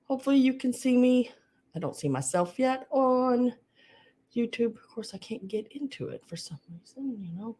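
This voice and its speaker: A woman's voice: a little high, expressive, normal speed, mellow, husky. A woman with a Southern US accent hosting a live vintage sale stream, chatting casually and greeting viewers by name. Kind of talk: casual livestream chat.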